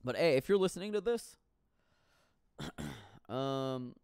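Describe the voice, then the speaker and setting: Guy rambling solo, swears a lot, smooth mid voice, dry close sound. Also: medium pitch, sing-song, slow, darkish tone, no room sound. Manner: rambling, profane, laughs often. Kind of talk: casual solo monologue.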